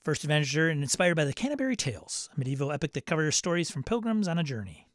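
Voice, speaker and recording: The voice is male and on the high side, fast and full of big pitch swings, captured in a clean studio without echo. He hosts a laid-back solo news show, reciting product listings before riffing on them chattily with laughs and side comments.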